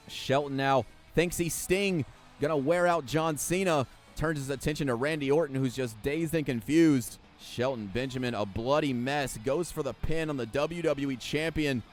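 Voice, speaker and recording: A man giving play-by-play wrestling commentary over a video game, sarcastic and jokey and swearing freely. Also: medium pitch. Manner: jokey, laughs at what he describes.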